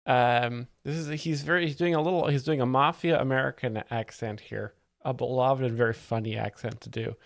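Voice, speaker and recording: A man with a gravelly, creaky voice hosts a live stream from home, rambling and explaining jokes with dry, mock-serious commentary. His desk mic sounds close and dry, with no room echo. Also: mid-range voice, fairly even intonation, a little fast, hardly any pauses. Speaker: livestream host.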